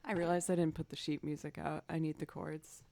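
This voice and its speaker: A woman's voice: low-pitched, flat delivery, fairly quick, creaky, warm tone. A woman musician livestreaming, chatting in a giggly, hyper, self-conscious way between loops.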